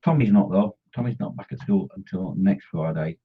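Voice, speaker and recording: A man's voice: deep voice, animated, moderate pace, breathy edge. A middle-aged man hosting a model-painting live stream, joking and teasing viewers as he reads the chat. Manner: jokey and teasing, chatty banter with viewers. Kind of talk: casual live-stream chat, reading out comments. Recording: dull lo-fi stream audio.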